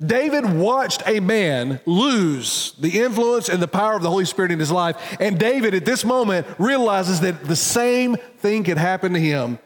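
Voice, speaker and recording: A man's voice: animated, moderate pace, few pauses. Earnest preaching man in a reverberant hall. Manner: earnest, preacherly, swings from loud emphasis to hushed low tones. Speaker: pastor. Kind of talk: sermon.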